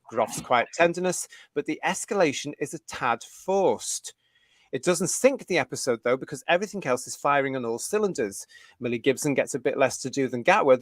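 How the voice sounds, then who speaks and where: A middle-aged British man co-hosting a fan talk show, blunt and opinionated, reading articles aloud with halting restarts. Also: a little high, no room sound, studio quality. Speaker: co-host.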